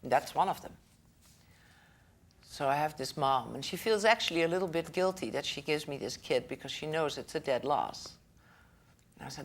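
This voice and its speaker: A woman with a somewhat low voice addresses parents about child-rearing in a relaxed, school-director style. Chatty throughout, she pauses to check in with listeners, laughs frequently, and voices the characters in her stories.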